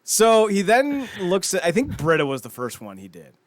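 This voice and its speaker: A man co-hosting a podcast, casually retelling a TV episode in a rambling, animated way with many restarts. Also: high-pitched, normal speed, no echo. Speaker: podcast co-host. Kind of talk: casual chat recapping a TV episode.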